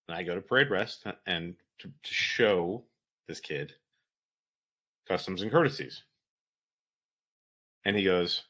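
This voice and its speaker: A man's voice: deep voice, moderate pace, pauses often, slightly rough. A man, a military veteran, telling a story in casual, profane talk and acting out the dialogue of the people in it. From United States. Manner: profane, animated, acts out quoted dialogue. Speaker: veteran guest.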